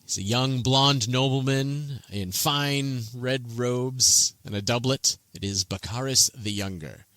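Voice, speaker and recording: A man narrating a tabletop game as game master, animated and descriptive. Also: mid-range voice, takes it slowly, few pauses, dry recording.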